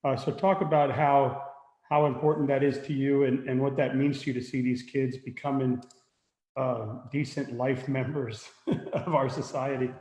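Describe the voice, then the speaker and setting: Halting male podcast host, echoey. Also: medium pitch, flat delivery, darkish tone. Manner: halting, laughing questions. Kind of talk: casual podcast interview. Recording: roomy with long reverb.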